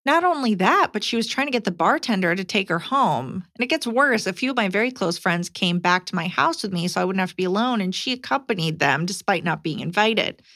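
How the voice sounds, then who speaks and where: A woman co-hosting a casual podcast, reading a listener letter aloud with lively emphasis. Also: mid-range voice, fairly quick, hardly any pauses, no room sound, studio quality.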